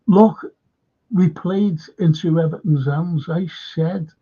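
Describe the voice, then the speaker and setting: Live on his fan show, a man talks with emphasis to viewers by name, repeating points and throwing in swears. His voice is on the high side, slow and slightly rough, and the recording sounds dull and lo-fi.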